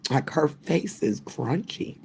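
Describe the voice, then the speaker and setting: A woman's voice: deep voice, lively intonation, slow, vocal fry, darkish tone, a little hiss or hum. An older woman hosting a live stream, ranting in a profane, rambling, trash-talking way. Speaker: livestream host.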